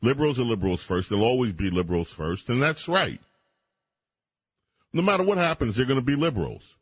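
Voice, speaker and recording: A man's voice: medium pitch, very animated, a little fast, husky, no echo. A middle-aged man hosting a radio talk show, giving opinionated, emphatic commentary with mocking asides.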